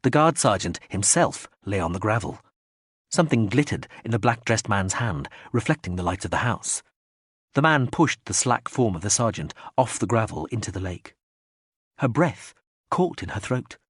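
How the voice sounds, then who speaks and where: Male audiobook narrator, husky and dry, measured reading with animated pitch. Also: no room sound. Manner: measured reading, acts out quoted speech in raised voices. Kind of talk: scripted narration.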